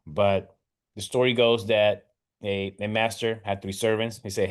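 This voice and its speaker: A man's voice: fairly low pitch, flat delivery, unhurried, clean tone. A man hosting a casual talk, retelling a parable in a rambling way with many restarts. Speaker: host.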